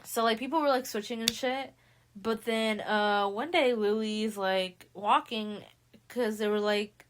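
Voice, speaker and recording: A young woman hosting a podcast, recapping a book in a casual, animated way and slipping into quick voices for the characters. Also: a little high. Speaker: podcast host.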